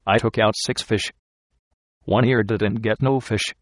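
A weary trail driver out in the frozen wilds, as a man reads him aloud, grave and insistent in his rough backwoods talk. The voice sits low. The sound is dry and close, with no room around it. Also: steady tone, a little slow, no echo. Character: weary male frontier trail driver, uneasy.

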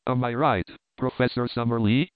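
A man's voice: medium pitch, fairly even intonation, normal speed, clear, resonant tone, no echo, natural voice. A man reading a severe lecturing professor. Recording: dry, phone-like narrow sound.

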